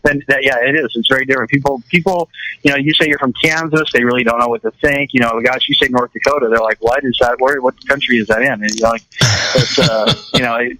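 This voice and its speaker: A man's voice: mid-range voice, steady tone, fast, bright, forceful tone, dry recording, low-quality recording. A man from California chatting casually on a radio show, rambling with lots of restarts and repeated words.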